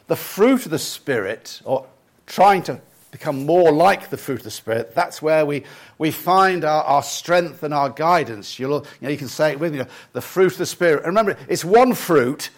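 An older man preaching a sermon in a reflective, halting way, with many restarts and lists spoken slowly and softly. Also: a little high, expressive. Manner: leads the congregation through lists in a soft slow voice.

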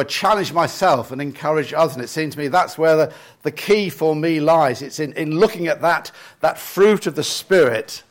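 An older man delivers a church sermon with a fairly high voice. He speaks in a reflective, halting way and often restarts his sentences. When he recites lists he slows down and goes soft. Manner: leads the congregation through lists in a soft slow voice. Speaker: preacher.

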